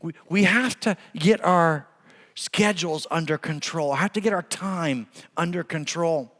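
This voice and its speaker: A middle-aged man preaching a sermon, telling stories with humor in an animated way. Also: on the high side, a little slow, big-room sound. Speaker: pastor. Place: church sanctuary.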